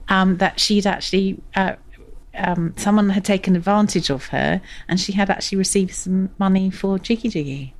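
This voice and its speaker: A woman's voice: mid-range voice, steady tone, moderate pace. An older woman, a guest and a host's mother, chatting casually with dry teasing remarks, recorded indoors at a workplace full of vintage cars. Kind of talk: casual chat.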